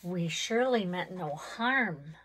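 Fields: Figure: gentle old male oak tree, voiced by a woman. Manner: soft, apologetic. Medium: storybook. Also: fairly low pitch, animated, slow, husky, heavily acted.

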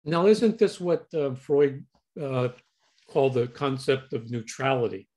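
A man hosting an interview with a fellow psychotherapist, speaking haltingly and searching for words over a video call. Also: mid-range voice, lively intonation, darkish tone. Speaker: host and psychotherapist. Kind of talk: conversational interview.

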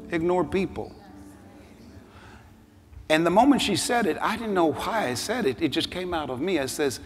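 A middle-aged man preaches in a sanctuary, his voice pitched high and full of animated storytelling. The sound carries a long hall reverb. Music plays clearly beneath him. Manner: animated storytelling, rising to shouted altar call. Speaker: bishop, pastor. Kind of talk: sermon. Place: large church sanctuary.

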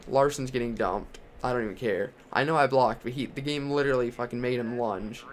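A man's voice: medium pitch, fairly quick, a little hiss or hum. Profane young man ranting over racing. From Texas. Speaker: gaming channel host. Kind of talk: racing game commentary.

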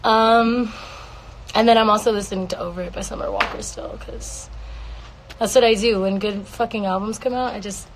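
A woman's voice: mid-range voice, fairly even intonation, normal speed, background noise. A woman singer casually answering fan questions on a livestream from home, playful and swearing freely. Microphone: phone.

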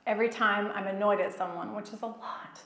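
Woman, faith-event speaker, lively and self-mocking storyteller, mid-pitched, miked in a reverberant hall. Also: brisk. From child of Egyptian parents, raised in America. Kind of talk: personal storytelling talk. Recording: echoey hall.

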